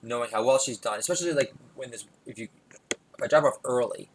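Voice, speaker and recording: A man rambles through a comic monologue as podcast host. He is self-deprecating and digressive and keeps breaking into loud, emphatic bursts. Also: mid-range voice, a little fast, slight background noise, rough recording.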